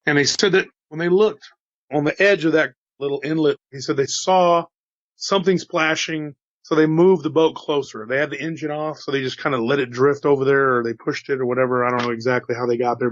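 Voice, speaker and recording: A man's voice: medium pitch, steady tone, fairly quick, no room sound, muffled recording. Folksy man with a slight Texas drawl. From Texas, USA. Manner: chatty, folksy asides to listeners. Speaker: host telling encounter stories. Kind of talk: casual storytelling.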